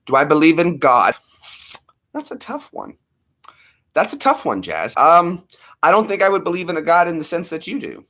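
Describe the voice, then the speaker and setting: Thirtysomething guy rambling on his morning livestream, bright voice, pitch all over the place, chatting to viewers. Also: big pitch swings, moderate pace, long pauses. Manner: rambling, playful, chats with viewers by name. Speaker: livestream host. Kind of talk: casual livestream chat.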